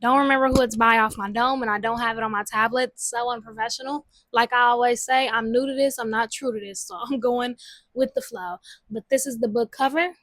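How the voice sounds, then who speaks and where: A young woman giving casual, chatty book recommendations at home, with lively slang. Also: on the high side, brisk, no echo. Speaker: book vlogger. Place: home room with a TV.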